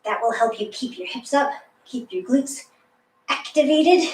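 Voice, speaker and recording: A woman's voice: sits high, lively intonation, measured pace, darkish tone, distant mic. A woman leading a ball workout class, cueing each move in a chatty, encouraging way with joking asides. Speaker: fitness instructor. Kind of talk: live workout instruction. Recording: echoey room, voice from the mic.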